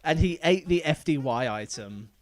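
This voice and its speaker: A man's voice: on the high side, lively intonation, moderate pace, soft background music. A man streaming a game live, chatting casually and rambling, laughing often as he talks. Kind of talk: casual live gameplay commentary.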